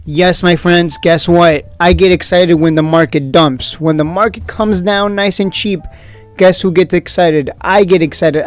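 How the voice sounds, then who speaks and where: A man hosting a stock trading video, talking casually and excitably, whooping and throwing out rhetorical questions. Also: high-pitched, a little fast, soft background music. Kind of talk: casual market commentary.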